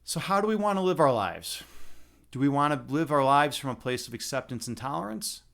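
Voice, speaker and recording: A man's voice: mid-range voice, sing-song, fairly quick, creaky, a bit bright. A man hosting a casual livestream, rambling and chatting with viewers and swearing now and then. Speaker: livestream host.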